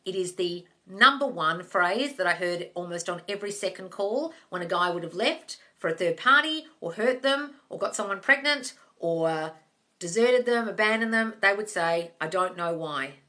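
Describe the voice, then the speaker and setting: A woman's voice: medium pitch, lively intonation, normal speed, bright, forceful tone. A woman hosting a live manifesting Q&A, blunt and sweary, calling her listeners darling and guys. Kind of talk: blunt casual live-stream advice. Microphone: phone or webcam on a live stream.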